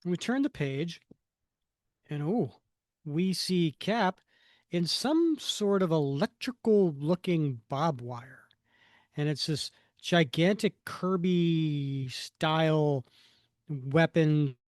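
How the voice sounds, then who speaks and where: A man's voice: a little high, no room sound, studio quality. A man co-hosting a comic book fan podcast, describing panels with enthusiasm and reading lines aloud. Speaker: podcast co-host.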